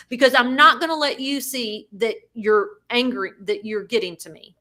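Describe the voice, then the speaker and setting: A woman co-hosting a podcast, telling a story in a lively way and acting out the people she quotes. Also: high voice, normal speed, hardly any pauses. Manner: animated, acts out quoted voices. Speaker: podcast co-host. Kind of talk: casual storytelling.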